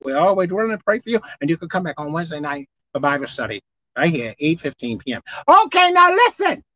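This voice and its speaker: A woman preacher giving a televised sermon, animated and swinging between loud exclaiming and low murmuring. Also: fast talker, muffled recording.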